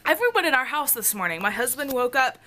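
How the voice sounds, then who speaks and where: A woman's voice: high voice, big pitch swings, fast, bright, forceful tone, slight background noise. A young woman chatting casually in a vlog, rambling and sick, losing her voice and coughing. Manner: chatty, rambling, lots of "like" and "y'all". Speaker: vlogger.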